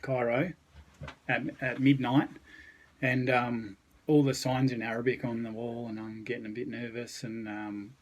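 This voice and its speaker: A man's voice: medium pitch, flat delivery, a little slow, poor audio. Laid-back Australian man telling stories. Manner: laid-back, rambling anecdotes with mild swearing. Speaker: podcast guest. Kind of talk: casual storytelling.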